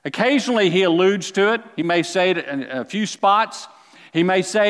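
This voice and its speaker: A man preaching a sermon as a pastor, with animated delivery that climbs to near-shouts and then drops low. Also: fairly quick. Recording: long hall reverb.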